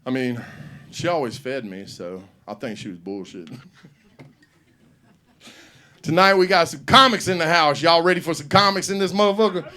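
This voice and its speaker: This middle-aged comedy host has a fairly high, clean-toned voice. Performing on stage, he loudly tells profane stand-up stories and acts out the scenes.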